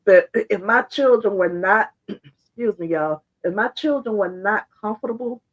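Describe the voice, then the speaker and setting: A woman giving blunt, fired-up opinion commentary straight to her viewers, her voice hoarse and congested. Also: medium pitch, measured pace, low-quality recording. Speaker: social media commentator.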